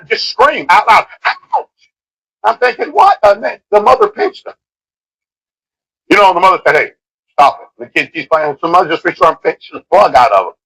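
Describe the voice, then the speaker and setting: A middle-aged man preaching a sermon in an impassioned way, swinging from shouts to hushed lines. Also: fairly high pitch, slightly rough, rough recording. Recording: old cassette tape of a live sermon.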